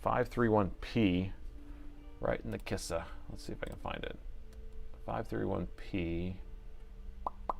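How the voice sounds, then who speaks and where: Man, lowish voice, live repair host, casual chatter, half-muttered asides. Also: unhurried, vocal fry, pauses often, faint music behind. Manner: muttering to himself, then chatty to viewers.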